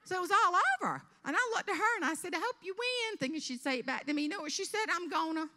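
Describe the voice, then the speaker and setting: Lively Southern woman telling funny stories. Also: very high voice, rapid-fire, big-room sound. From South Carolina. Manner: animated storytelling with character voices. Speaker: motivational speaker. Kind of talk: humorous keynote speech. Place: event stage before an audience.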